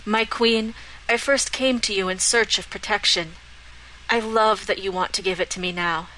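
A woman voicing a calm, resolute young prince who speaks in a firm, measured, earnest way. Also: medium pitch, slight background noise, lightly acted, rough recording.

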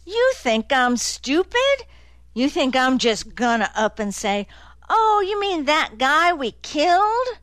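A woman reading the lines of a big, slow-witted young man who grumbles and gets defensive. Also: mid-range voice, sing-song, a bit bright, dry recording. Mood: sullen, grumbling.

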